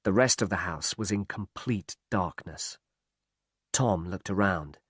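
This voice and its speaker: Slow, clear male story narrator. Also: sits low, fairly bright tone, no echo, clean studio sound. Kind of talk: scripted story narration for learners.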